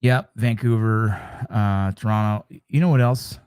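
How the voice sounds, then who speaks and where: A man's voice: fairly low pitch, unhurried, darkish tone, clear, resonant tone, no echo, clean studio sound. A man hosting a casual live stream, chatting with viewers, joking and telling stories. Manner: joking, storytelling, reacting to chat.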